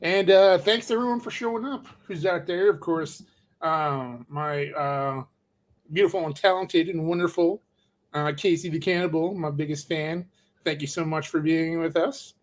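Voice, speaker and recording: A middle-aged man co-hosting a casual live stream, talking in a rambling, halting way with lots of fillers. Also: on the high side. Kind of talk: casual chat.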